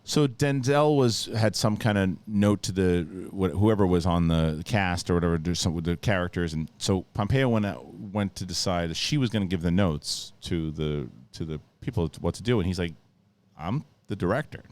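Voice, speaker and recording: A man's voice: low voice, moderate pace, hardly any pauses, no room sound. A man hosting a podcast in casual chat, telling stories animatedly and swearing casually. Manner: animated storytelling, quotes people in put-on voices. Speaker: podcast host.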